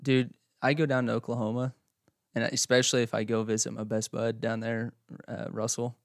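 A man's voice: medium pitch, flat delivery, fairly quick, vocal fry, no room sound, clean studio sound. A man with a Midwestern accent co-hosting a podcast, easygoing and rambling, laughing often. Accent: Midwestern American. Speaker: podcast co-host. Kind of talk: casual chat.

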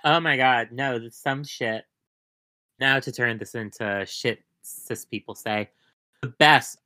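A woman chatting casually as a podcast guest, telling rambling, animated stories and swearing often. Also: very deep voice. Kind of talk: casual chat.

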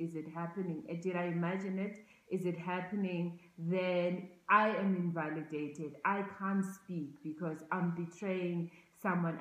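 A woman speaks earnestly and reflectively, with a somewhat low voice. She often stalls, repeats words and restarts her sentences mid-thought. Her voice carries a noticeable roomy echo. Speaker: speaker on racial oppression.

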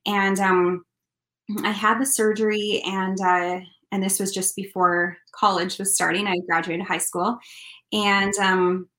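A woman's voice: medium pitch, flat delivery, a little slow, a bit bright, echoey room, low-quality recording. A woman from Canada, a country singer and interview guest, telling a personal story in an earnest, heartfelt way.

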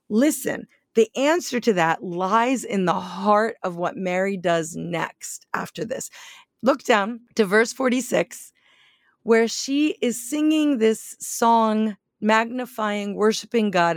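A woman's voice: fairly high pitch, no echo, studio quality. A woman preaching a sermon in an earnest, pleading way that builds to emphatic questions.

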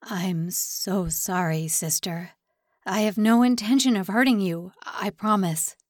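A gruff North Korean man with a kind heart hidden under his harsh manner, as a woman reader puts him on. He barks short orders, set a little lower than the narration, slow and deliberate, in a dry, close storybook reading. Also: no echo, close to an everyday voice. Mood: apologetic.

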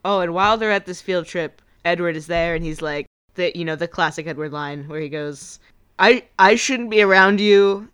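Chatty woman with a smooth voice. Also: low-pitched, steady tone, brisk, few pauses, a bit bright. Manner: chatty, playful, acts out quotes in voices. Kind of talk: casual chat recapping a movie.

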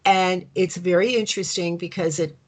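A woman's voice: fairly low pitch, fairly even intonation, normal speed. A woman interviewer asking a thoughtful question with many fillers and restarts. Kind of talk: conversational interview.

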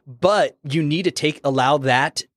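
A man guesting on a casual chat as a dungeon master, relaxed and jokey, with lots of "like" fillers. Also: fairly high pitch, measured pace, no echo, studio quality.

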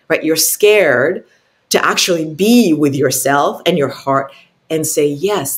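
A woman speaking as an intuitive coach in an interview, earnest and emphatic, often pausing to ask "right?" and repeating words as she searches for them. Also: low-pitched. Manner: keeps adding "right?" tag questions.

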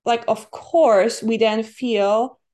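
A woman coach, a guest on a podcast, speaking in a thoughtful, reflective way with occasional soft fillers. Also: on the high side, steady tone, takes it slowly. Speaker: guest, feminine embodiment coach. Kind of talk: conversational podcast interview.

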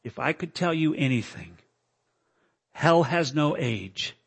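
Pleading, high-pitched male preacher. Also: expressive, slow pace, creaky, slightly rough. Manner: pleading, emotional, voice climbing high. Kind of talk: dramatic sermon with recited poem. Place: church service.

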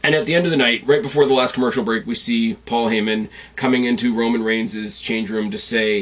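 A man hosting a casual podcast, recapping events with opinionated, animated rants and sudden excited jumps in his voice. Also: fairly quick, few pauses. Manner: jumps sharply up in pitch when excited. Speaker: podcast host.

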